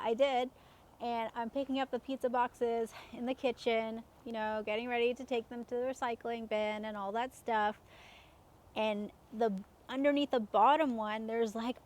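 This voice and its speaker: Chatty woman with a higher voice. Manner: chatty, laughs often, many fillers. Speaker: self-help coach. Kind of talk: casual personal storytelling.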